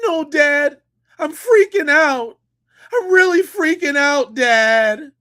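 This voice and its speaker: A man doing a high, whiny panicky son. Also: animated, slow pace, bright, forceful tone, exaggerated voice. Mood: mock panic. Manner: mocking, whiny, overwrought.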